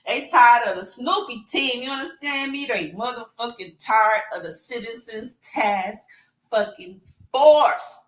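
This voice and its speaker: A woman streaming live, ranting loudly with lots of laughter and profanity. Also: fairly high pitch, normal speed, few pauses. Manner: loud, profane, laughing, animated. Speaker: livestream host. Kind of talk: excited livestream rant.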